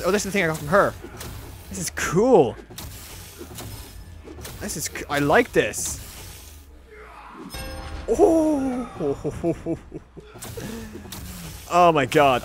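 A young man giving let's play commentary on a game, excitable and rambling, often talking sarcastically to the characters on screen. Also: on the high side, a little hiss or hum. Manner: rambling with frequent restarts. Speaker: gaming channel host.

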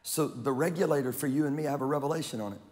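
Animated man preaching in a reverberant hall. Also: mid-range voice, very fast. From Louisiana. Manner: animated, joking preacher with crowd banter. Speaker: pastor. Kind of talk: sermon. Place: large church auditorium. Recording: long reverb of a large hall.

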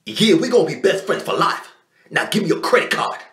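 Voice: mid-range voice, very animated, a little fast, fairly bright tone, breathy edge. A performer in comedy sketches, trading brash, slangy banter. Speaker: comedy content creator.

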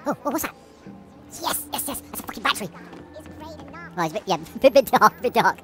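A woman's voice: fairly high pitch, animated, a little fast, loud music behind the voice. A woman giving nervous, jumpy commentary while playing a horror game, swearing often and laughing through the fear. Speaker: let's play gamer.

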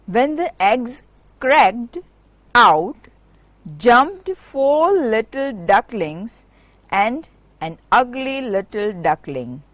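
A woman teacher, telling a story slowly and clearly to students. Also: a little high, fairly bright tone, no echo. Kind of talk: classroom storytelling and lesson. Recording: dull lo-fi virtual class audio.

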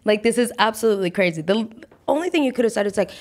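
A woman's voice: fairly high pitch, rapid-fire. Chatty young woman telling a story. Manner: chatty, animated, full of fillers and restarts. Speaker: podcast host. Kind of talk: casual storytelling.

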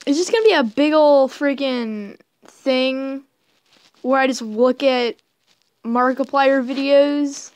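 Woman, high voice, very slow, giggly rambling commentary. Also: darkish tone, no room sound. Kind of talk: casual commentary while watching videos.

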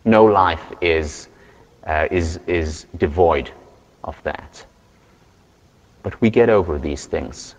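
A man giving a university lecture, earnest and measured, telling stories to make his point. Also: sits low. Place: large lecture hall. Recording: lecture hall with long reverb.

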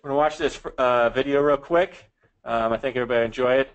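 Relaxed man presenting a webinar. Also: mid-range voice, quick pace, clean tone, highs cut off. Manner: relaxed, many fillers. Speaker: law enforcement trainer, webinar presenter.

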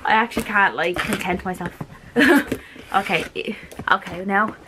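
A woman with an Irish accent vlogging an unboxing at home, rambling and gushing with excitement. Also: mid-range voice, a little slow, very noisy. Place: her apartment.

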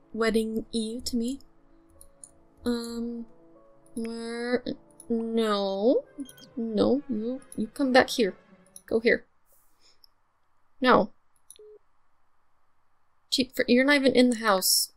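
Young female let's-player, higher voice, chatty and excitable, soft music underneath. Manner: bubbly, gushing, chatty with frequent fillers. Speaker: let's play gamer. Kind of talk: casual gameplay commentary.

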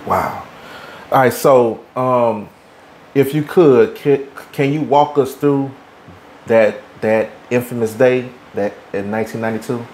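A man interviewing a guest, asking halting questions. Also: mid-range voice, a little mellow, a little hiss or hum. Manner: halting, with fillers and restarts.

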